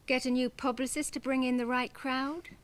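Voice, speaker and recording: A woman's voice: high voice, little pitch movement, moderate pace, natural voice. An actress playing a brusque, sarcastic female comedy club owner in a radio play. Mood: curt. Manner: curt, sarcastic.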